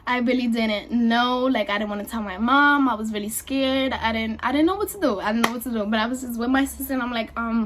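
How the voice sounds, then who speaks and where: A woman's voice: on the high side, a little fast, few pauses, slight background noise. A young woman, casually telling a personal story to her channel, chatty and full of fillers. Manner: chatty, lots of fillers and "y'all". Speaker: vlogger.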